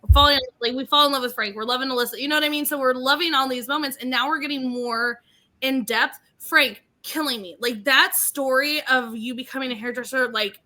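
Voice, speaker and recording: A woman co-hosting a podcast in casual chat, gushing and animated, laughing often. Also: high-pitched, a little fast. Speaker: podcast co-host.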